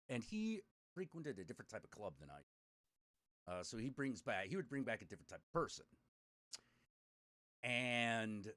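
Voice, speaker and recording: A man's voice: mid-range voice, sharp tone, no echo, clean studio sound. A middle-aged man, a podcast host, telling a rambling story in casual chat, swearing freely and laughing as he goes.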